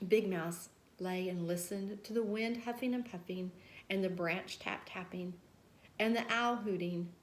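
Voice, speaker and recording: Woman storyteller, slow unhurried bedtime read, higher voice, roomy echo. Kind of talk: children's read-aloud.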